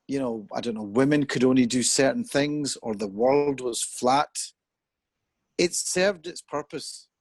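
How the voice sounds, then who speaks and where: A man's voice: mid-range voice, dry recording. A man in his fifties talking through his views in an earnest, reflective way on a chat show, as if on a video call. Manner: earnest and reflective, thinking aloud. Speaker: discussion guest. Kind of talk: conversational discussion.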